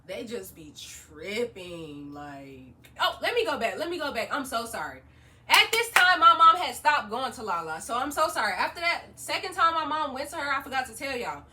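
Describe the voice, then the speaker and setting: Lively high-voiced young woman telling a story. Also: fairly quick, recorded from a distance, slight background noise. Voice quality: animated, slangy, laughs often. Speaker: vlogger. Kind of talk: storytime vlog.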